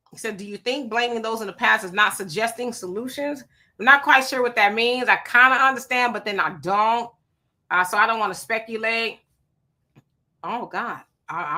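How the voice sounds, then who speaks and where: Bright-voiced woman livestream host. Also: fairly high pitch. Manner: animated, preachy, answers chat comments. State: sweating. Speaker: livestream host reading viewer comments. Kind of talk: casual livestream talk.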